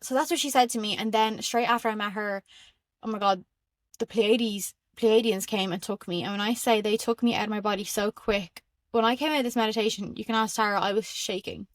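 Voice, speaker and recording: A young Irish woman hosting a podcast, telling spiritual stories in an excitable, rambling way with frequent laughs. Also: mid-range voice, brisk, no echo. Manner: excitable and rambling, laughs often, many fillers. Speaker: podcast host. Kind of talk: casual spiritual storytelling monologue.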